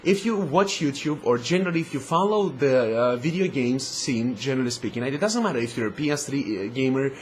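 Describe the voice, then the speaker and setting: A man's voice: medium pitch, expressive, a little fast, hardly any pauses, a little hiss or hum. A man hosting a gaming vlog, ranting with profanity and heavy sarcasm in a rambling, casual way. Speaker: gaming video host.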